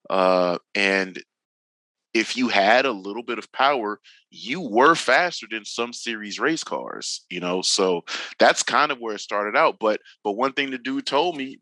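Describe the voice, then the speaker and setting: Animated man telling stories with slang. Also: lowish voice, dry recording, low-quality recording. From Northern California. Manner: animated, acts out quoted exchanges, slangy. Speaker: podcast guest. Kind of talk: casual storytelling chat.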